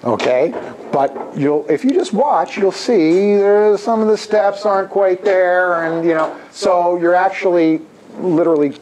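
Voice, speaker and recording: A man's voice: high voice, unhurried, a little hiss or hum. A middle-aged man, a music education professor, leading an interactive workshop and breaking into sung demonstrations in a workshop room, picked up from a distance. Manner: animated, demonstrates by singing and chanting. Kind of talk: interactive workshop talk with singing.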